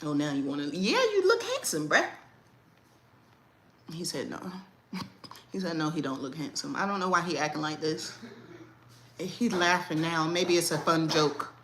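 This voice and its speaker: Lively woman chatting on a livestream. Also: low voice, normal speed. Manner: animated, laughs often, slangy. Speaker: livestream host. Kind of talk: casual livestream chat.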